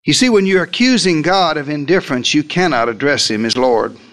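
A man preaches in a high, light voice, telling the story as if he were one of the disciples. He swings between loud, emphatic lines and hushed asides. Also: expressive, fairly quick. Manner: dramatic storytelling, speaking as a disciple. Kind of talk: sermon.

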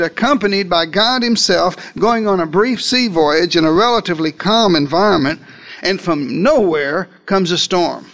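A man preaching a sermon, retelling a story in the first person with dramatic swings between loud emphasis and quiet asides. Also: sits high. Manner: dramatic storytelling, speaking as a disciple.

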